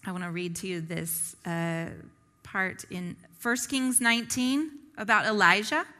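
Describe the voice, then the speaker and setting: A woman's voice: mid-range voice, pushed and bright, in a large hall. A woman giving a conversational Bible teaching. She asks the audience rhetorical questions and often checks in with "right?". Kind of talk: conversational sermon.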